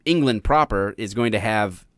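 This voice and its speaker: A man's voice: fairly low pitch, moderate pace, no room sound, clean studio sound. An American man hosting a live-streamed talk show, chatting casually and jokingly with plenty of fillers. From United States. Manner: rambling, jokey, lots of fillers.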